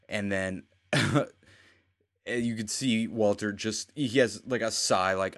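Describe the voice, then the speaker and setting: A man's voice: lowish voice, steady tone, slow, fairly bright tone. A man co-hosting a casual chat, rambling as he retells scenes and quotes the characters. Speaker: podcast co-host.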